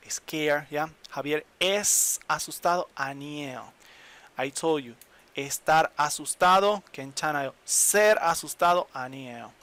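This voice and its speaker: A man gives an online lesson in English. His voice is bright and a little high, and the sound is dry and close. He explains patiently, repeating examples and checking in with the listener. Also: smooth, no echo. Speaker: Spanish teacher.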